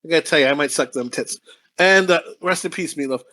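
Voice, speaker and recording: A man's voice: fairly high pitch, fast, pushed and bright. A man co-hosting a movie review podcast, talking in a crude, rambling way, swearing constantly and laughing often. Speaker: podcast co-host.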